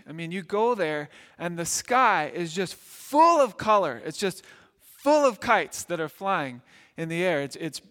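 A man's voice: a little high, fairly bright tone. A man from Milwaukee preaching a sermon, telling stories in an earnest, conversational way and often repeating words. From Milwaukee, United States. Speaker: pastor. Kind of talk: storytelling sermon. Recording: long hall reverb.

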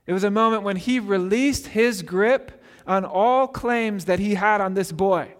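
A man preaching a sermon as pastor, telling the story in a lively way and acting out the people he quotes. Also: high voice, a little slow. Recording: long hall reverb.

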